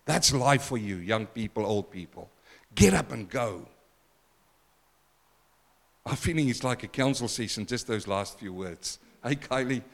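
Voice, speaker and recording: A middle-aged male pastor giving an emphatic sermon, swinging between loud exclaims and quiet asides and calling for congregation responses. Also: moderate pace, few pauses. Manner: emphatic preaching with wide swings in loudness and pitch.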